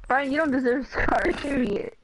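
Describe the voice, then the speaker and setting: A woman's voice: sits high, normal speed, a crowd in the background, poor audio. A woman in a casual gaming voice chat, teasing and prone to dramatic outbursts.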